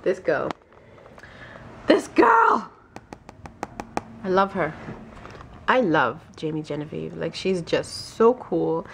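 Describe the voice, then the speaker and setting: A woman's voice: sits low, a little slow, creaky, slight background noise. A woman vlogging at home in a casual, bubbly way, laughing often as she talks to the camera. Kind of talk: casual vlog chat. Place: at home, indoors.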